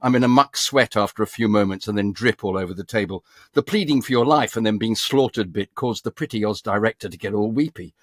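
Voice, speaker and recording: A man's voice: on the low side, fast, no echo, studio quality. A man, a voice actor, chatting and reading from his book in a rambling, theatrical, self-mocking way. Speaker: voice actor guest. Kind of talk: casual interview chat, reading from his book.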